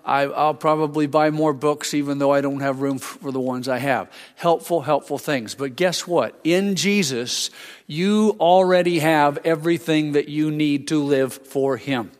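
A man's voice: fairly high pitch, steady tone, unhurried. Older male pastor preaching in a reverberant hall. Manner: conversational preaching with frequent restarts and asides. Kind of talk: sermon.

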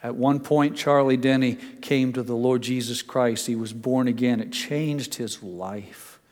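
An older man preaching a sermon as a pastor. He tells folksy personal stories and builds to emphatic high points. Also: steady tone, a little slow, darkish tone, big-room sound. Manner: storytelling, folksy asides, builds to emphatic peaks.

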